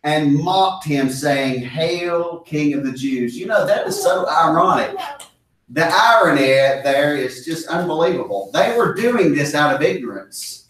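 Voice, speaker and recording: A man's voice: a little high, very animated, unhurried, fairly bright tone, a little hiss or hum. A man leading a Bible study discussion, talking earnestly and with emphasis, often repeating key phrases for stress. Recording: echoey room, mic far off.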